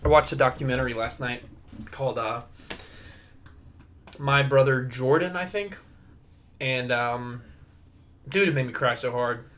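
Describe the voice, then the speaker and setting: Speaking a little slowly and pausing often, a young man hosts his own podcast in a casual solo chat full of rambling, swearing and laughter. His medium-pitched voice has a fairly bright tone.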